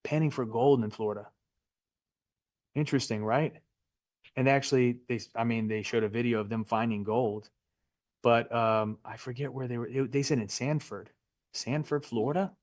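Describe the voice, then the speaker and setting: A middle-aged man leads a real estate class in a Florida classroom, keeping it easygoing and conversational with questions to the room and little jokes. His ordinary-pitched voice moves at a moderate pace, captured dry and close without any room sound.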